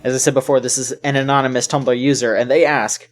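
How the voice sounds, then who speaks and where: A woman's voice: a bass voice, steady tone, fast, hardly any pauses. Rambling woman podcast co-host. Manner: rambling, with many fillers and restarts. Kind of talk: casual podcast chat.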